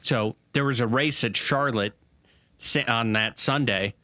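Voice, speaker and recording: A man co-hosting a sports podcast, telling a rambling story full of pauses and fillers. His voice has a bright, forward edge. The recording is dry and close. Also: mid-range voice, no room sound. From Southern United States. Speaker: podcast co-host. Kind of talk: casual sports podcast banter.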